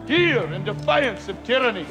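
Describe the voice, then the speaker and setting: An actor with a Scottish accent playing a defiant rebel leader giving a stirring battle speech to his army, building to shouts. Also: extremely high pitch, lively intonation, moderate pace. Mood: defiant, rousing. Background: film score music.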